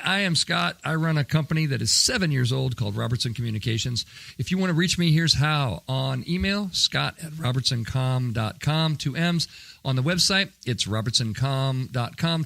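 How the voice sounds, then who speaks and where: A man's voice: mid-range voice, fairly bright tone, no room sound. A man hosting a podcast, chatting in an upbeat, jokey way with frequent fillers. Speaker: podcast host. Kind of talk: casual podcast talk.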